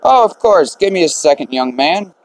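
A man's voice: on the high side, expressive, moderate pace, no room sound, lightly acted, rough recording. A man voicing a tearful old widow. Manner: apologetic, tearful, motherly. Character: grieving elderly widow facing eviction. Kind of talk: reading game dialogue aloud.

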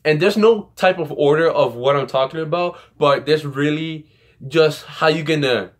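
A young man rambling through casual vlog tips with animated storytelling. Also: a little high, moderate pace. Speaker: YouTuber giving comedy tips.

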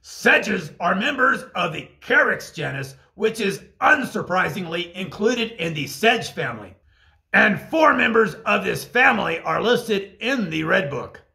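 Man, language lesson narration, high lively pitch, gravelly, bright tone. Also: unhurried. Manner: bilingual, translating Russian phrases line by line. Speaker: language teacher.

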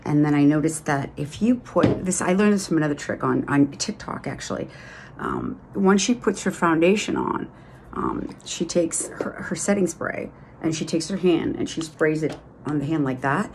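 A woman's voice: low voice, expressive, normal speed, vocal fry, darkish tone, a little hiss or hum. A middle-aged woman with a Boston accent, chatting enthusiastically through a casual makeup tutorial with lots of fillers. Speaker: beauty vlogger.

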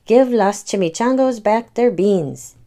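A woman's voice: fairly high pitch, lively intonation, a little slow, darkish tone, voice pushed up. Woman doing a boastful bouncy kitten boy. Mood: eager. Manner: boastful, sing-song bouncing rhymes. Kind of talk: storybook read-aloud.

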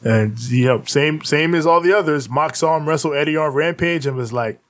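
A man's voice: fairly high pitch, a little fast. A man co-hosting a casual wrestling podcast, recapping a show and acting out the wrestlers' lines with frequent laughter. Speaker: podcast co-host.

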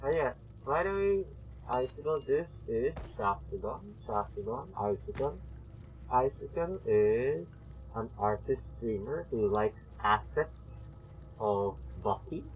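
A man streaming a game, chatting casually with viewers, excitable with sudden yelps, his voice slightly muffled by a mask. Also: mid-range voice, slow pace, soft background music. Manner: excitable, greets chat viewers by name, bursts of yelps. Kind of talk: casual live-stream chat while gaming.

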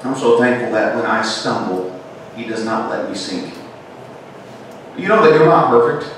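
A man preaching a sermon in a church with a Southern American accent, swinging between emphatic calls and hushed, intimate lines. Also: lowish voice, animated, normal speed, background noise. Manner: rises to emphatic preaching then drops to hushed tones. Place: church sanctuary. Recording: echoey church from far off.

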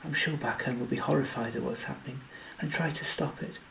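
A man voicing a tall male alien, usually calm, speaking earnestly and insistently. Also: medium pitch, a little fast, vocal fry, far from the mic, slight background noise.

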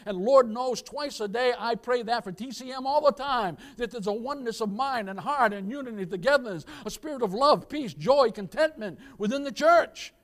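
A male pastor preaches emphatically in church, his very high-pitched voice moving at normal speed with few pauses. He calls out to the congregation, alternating loud emphasis and quiet asides.

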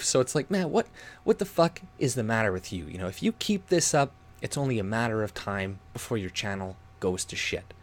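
A man's voice: mid-range voice, very animated, normal speed. Heated swearing male ranter. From Canada. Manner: heated, swearing, mocks others in put-on voices. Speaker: YouTube commentator. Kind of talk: ranting commentary video.

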